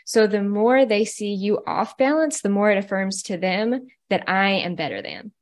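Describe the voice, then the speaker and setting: Calm woman therapist explaining. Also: medium pitch, normal speed. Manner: calm, clear, explaining like a counselor. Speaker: psychotherapist guest. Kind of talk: explanatory interview talk.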